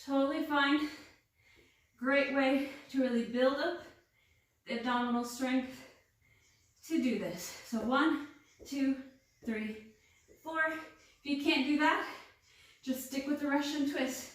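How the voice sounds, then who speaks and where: High-voiced woman leading a workout, echoey room. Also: slow pace. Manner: encouraging, counts reps aloud, breathy exclamations. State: out of breath. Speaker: fitness instructor. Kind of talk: guided workout instruction. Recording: very echoey room, distant mic.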